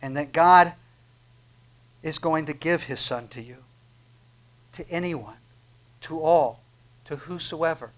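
A man's voice: fairly high pitch, slow, long pauses. A man preaching a sermon, fervent and swelling to emphatic peaks, with frequent restarts.

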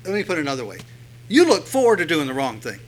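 A man preaching a sermon in a conversational way, asking rhetorical questions and swelling louder when he reads scripture. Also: fairly high pitch, huge pitch swings, quick pace, low-quality recording. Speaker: pastor.

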